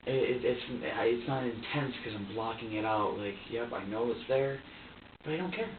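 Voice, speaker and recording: A distressed man answers investigators' questions in a halting, repetitive way, often restarting his sentences. He is caught on a distant room microphone with a tinny, narrow sound. The room is echoey and there is a faint hiss behind him. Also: medium pitch. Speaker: suspect under questioning. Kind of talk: emotional account to investigators. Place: interrogation room. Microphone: far room microphone.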